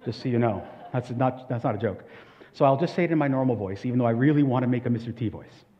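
A man's voice: mid-range voice, fast talker. A man preaching a sermon as pastor, earnest and conversational, with asides and questions to the congregation. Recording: echoey hall, dull lo-fi sound.

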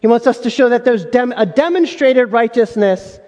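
A man's voice: very high-pitched, moderate pace, darkish tone, long reverb tail, highs cut off. A male pastor preaching a sermon in an emphatic way, full of rhetorical questions.

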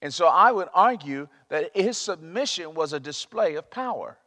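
Preacher echoing through a hall. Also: male voice, fairly high pitch, expressive, normal speed, sharp tone. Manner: emphatic, repeats himself, searches for words. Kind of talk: sermon. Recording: long reverb of a large hall.

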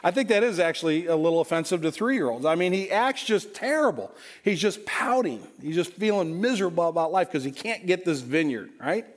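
A man's voice: high-pitched, expressive, a little fast, hardly any pauses. A man preaching a sermon in a conversational, joking way, often repeating words as he restarts. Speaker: pastor.

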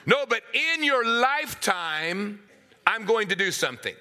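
High bright guy preaching, goes from whispery to loud and back. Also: sing-song, a little slow, slight background noise. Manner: dramatic, swings from hushed to loud acted voices. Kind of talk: sermon.

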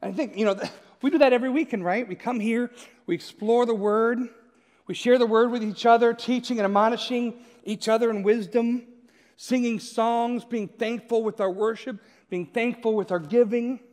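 A male pastor with a notably high voice gives a relaxed, story-driven sermon. He keeps turning to the listeners with a quick "right?". His voice rings out with a long church-hall reverb. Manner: storytelling, often checks in with "right?". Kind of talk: conversational sermon.

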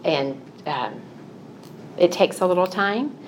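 A woman's voice: lowish voice, lively intonation, takes it slowly, a little hiss or hum. A middle-aged woman giving a Christian teaching talk, telling personal stories in an earnest, confessional way. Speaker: Christian speaker.

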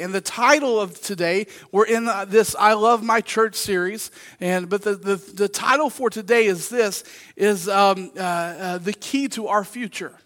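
A high, bright male voice preaching from the pulpit. He tells anecdotes with animated energy, acting out the other people's voices. The delivery is loose and conversational, full of asides to the congregation. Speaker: pastor. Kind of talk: sermon.

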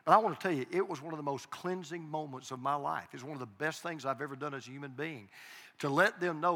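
A long hall reverb surrounds an older man preaching in a church sanctuary. His voice is on the high side, quick, pushed and bright. As a pastor, he shares heartfelt confessional stories and repeats key lines for emphasis.

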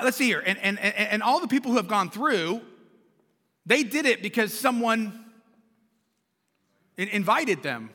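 High, lively-voiced preacher man. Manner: conversational, repeats words, asks the congregation. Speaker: pastor. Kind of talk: sermon. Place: large church sanctuary. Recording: long church reverb.

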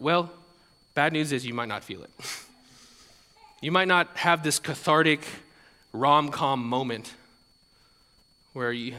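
A man's voice: a little high, takes it slowly, pauses often, bright, forceful tone, in a large hall. A male pastor giving a conversational sermon, often repeating words and adding light laughs.

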